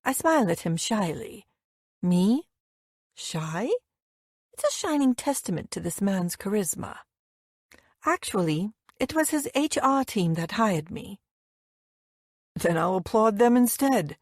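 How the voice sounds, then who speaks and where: A woman's voice: mid-range voice, measured pace, pauses often, no echo, clean studio sound. Woman narrating a romance audiobook. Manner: lively, wry storytelling. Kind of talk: first-person audiobook narration.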